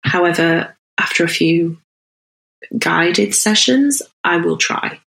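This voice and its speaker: A woman's voice: lowish voice, slow pace, creaky, a bit bright. A woman co-hosting a podcast, chatting in an easygoing, agreeable way with rambling replies. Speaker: podcast co-host. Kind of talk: casual chat. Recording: roomy echo.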